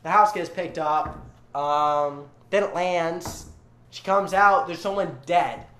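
A man's voice: a little high, takes it slowly, bright, forceful tone. A tipsy young man sarcastically retelling a story in a rambling, profane way. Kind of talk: drunken comedic retelling. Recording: echoey room.

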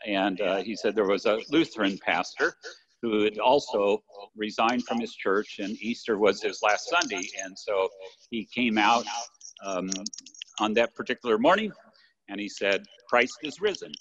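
An older pastor preaches from his church sanctuary in a conversational way, often adding warm asides of "right?" to his listeners. His voice is fairly low and moves at normal speed. The lo-fi livestream carries a long church reverb.

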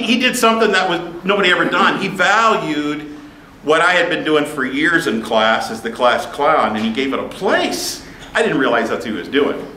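Male preacher, lively storyteller, bright tone, roomy church sound. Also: a little high, slight background noise. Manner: animated, humorous, with restarts. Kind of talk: sermon with personal storytelling. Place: church meeting room. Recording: echoey room, faint ambience.

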